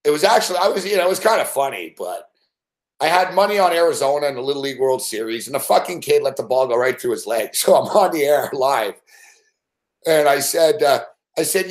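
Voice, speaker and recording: A man hosting a live late-night sports betting show, telling stories in a profane, animated way with mock shouted outbursts. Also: on the high side, quick pace.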